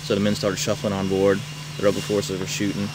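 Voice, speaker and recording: A man, a camp counselor, telling campers a wild tall tale, shouting out the characters' lines. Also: fairly low pitch, a little fast. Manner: animated, shouts quoted lines. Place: outdoors at a rural camp. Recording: noisy outdoor camcorder recording.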